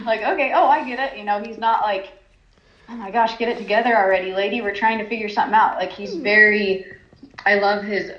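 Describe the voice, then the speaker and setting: A woman, a horse trainer talking in a casual interview, chatty, laughing often, with many ums and restarts. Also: medium pitch. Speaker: horse trainer and stallion owner. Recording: roomy, slightly dull sound.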